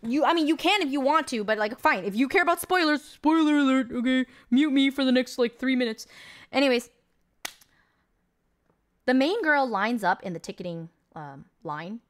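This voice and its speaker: Young woman, streamer, slightly high pitch, rambling and incredulous, casual chat. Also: lively intonation, normal speed. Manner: rambling, incredulous, filler-heavy storytelling.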